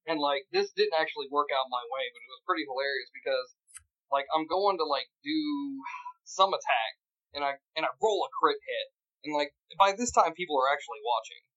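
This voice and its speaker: A man telling game stories in casual chat, animated and packed with filler words. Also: on the high side, fairly quick. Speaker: podcast guest. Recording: dull lo-fi recording.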